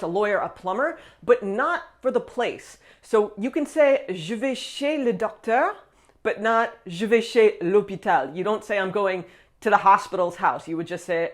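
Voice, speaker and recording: Woman running a french lesson video, upbeat, counts down tips, mid pitch. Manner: upbeat, with frequent "all right" and list countdowns. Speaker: French language teacher.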